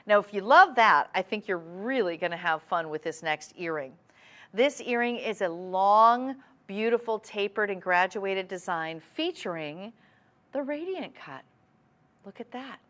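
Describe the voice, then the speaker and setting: A woman hosting a TV shopping show, giving a chatty, enthusiastic sales pitch. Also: expressive, a little slow, fairly bright tone. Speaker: TV shopping host.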